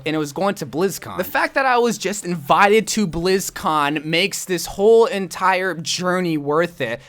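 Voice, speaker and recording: A man's voice: high voice, a bit bright, smooth. A young man, a gaming YouTuber, telling a personal story in his vlog, earnest and self-deprecating.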